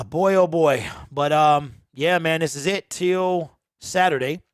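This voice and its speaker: A man's voice: a little high, takes it slowly, no echo, studio quality. Chatty man hosting a game watch party. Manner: laid-back, chatty, answers viewers' comments. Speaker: live-stream watch party host. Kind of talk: casual live commentary over a game.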